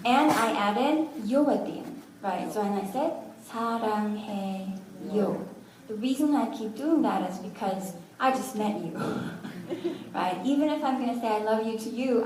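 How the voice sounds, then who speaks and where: A woman's voice: a little high, normal speed, darkish tone. Lady teacher in a classroom, patient, breaks words into syllables, echoey room, mic kinda far off, faint hiss. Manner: good-humored, joking asides. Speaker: Korean language teacher. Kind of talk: classroom language lesson.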